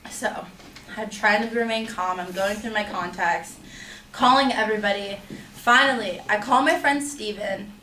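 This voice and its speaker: A woman's voice: mid-range voice, normal speed, sharp tone. A young woman telling a personal story to an audience in a chatty way, full of filler words. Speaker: student storyteller. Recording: roomy, distant mic, faint hum.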